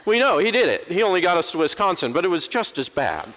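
A middle-aged man, an Episcopal preacher, giving a lively sermon and acting out the people he quotes. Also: high voice, quick pace, slight background noise. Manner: animated, acts out quoted voices. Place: large church. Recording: long church reverb.

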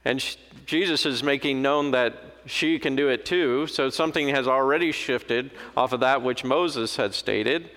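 A man's voice: medium pitch, moderate pace, hardly any pauses, a bit bright. A man preaching a sermon in a conversational, storytelling manner. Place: church. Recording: long hall reverb.

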